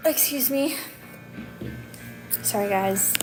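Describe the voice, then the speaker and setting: A woman's voice: on the high side, animated, takes it slowly, loud music behind the voice. A woman chatting casually on a livestream, burping again and again and apologizing with a laugh. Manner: burps repeatedly, apologizing with a laugh.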